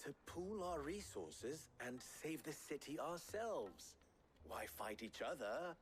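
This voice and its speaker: Brief: a calm game innkeeper, animated intonation, deliberate, soft music under. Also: male voice, a little high. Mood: thoughtful. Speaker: game character.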